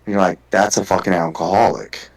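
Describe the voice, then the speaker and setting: A man with a somewhat low voice talks in a loose, unscripted podcast chat. He tells a long personal story, swears freely and keeps restarting his sentences. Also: fairly even intonation, fairly quick, poor audio. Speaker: guest. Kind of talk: casual podcast conversation.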